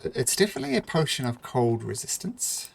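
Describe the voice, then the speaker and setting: A man's voice: mid-range voice, wildly swooping pitch, brisk, creaky, slightly rough. A man narrating a tabletop game as game master, hesitant, with many fillers and restarts.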